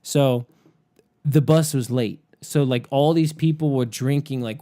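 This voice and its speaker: A man telling a story in casual chat. He is animated, laughs often and says "like" all the time. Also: mid-range voice, a little slow. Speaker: podcast guest storyteller.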